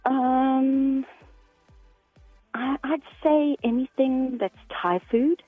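A woman with a South African accent calling in to a radio show, answering briefly and softly. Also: sits high, fairly even intonation, drawn-out words, husky, no echo, soft background music. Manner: soft-spoken, brief answers. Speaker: caller. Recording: phone line.

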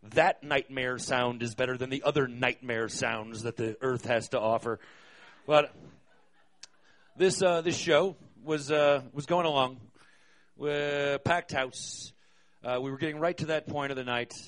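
A man's voice: medium pitch, measured pace. A man, a concert venue manager, telling a live stage story in a wry, profane way, hesitating often with fillers.

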